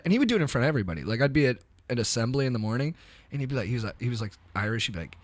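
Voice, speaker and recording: A man's voice: mid-range voice, big pitch swings, very fast. A comedian guest on a podcast, telling stories in a loose, casual way and filling his talk with "like" and "dude". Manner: loose, slangy, heavy use of "like" and "dude". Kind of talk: casual storytelling chat.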